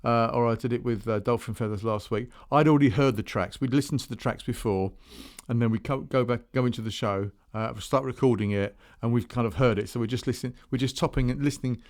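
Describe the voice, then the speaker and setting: Rambling music podcast host. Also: male voice, medium pitch, quick pace, hardly any pauses, darkish tone. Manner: rambling, chatty, full of restarts and asides. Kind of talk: casual solo chat between tracks.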